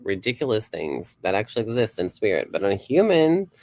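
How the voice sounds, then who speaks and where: A man with a lowish voice chats loosely on his livestream as a psychic host. He rambles and swears freely, laughs often and reads comments aloud. The sound is close and dry. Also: very animated, brisk, darkish tone, no room sound. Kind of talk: casual livestream chat.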